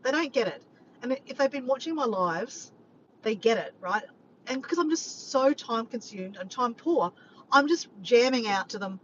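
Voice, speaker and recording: A woman's voice: fairly high pitch, lively intonation, brisk, a bit bright. A woman chatting casually to her vlog audience, rambling from point to point and swearing freely. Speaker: vlogger. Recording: dull lo-fi sound with faint background noise.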